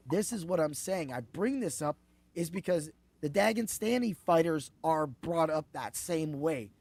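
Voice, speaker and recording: Excitable gravelly-voiced man hosting a podcast. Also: high voice, no room sound. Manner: excitable, rambling, swears and laughs freely. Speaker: podcast host. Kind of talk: casual sports betting podcast chat.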